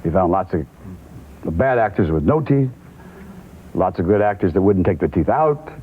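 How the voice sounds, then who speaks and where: A man telling a lively anecdote as a talk show guest, often restarting and stumbling over his words. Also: deep voice, moderate pace, a little hiss or hum. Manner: lively storyteller with frequent restarts and stammers. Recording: tinny, band-limited old TV tape.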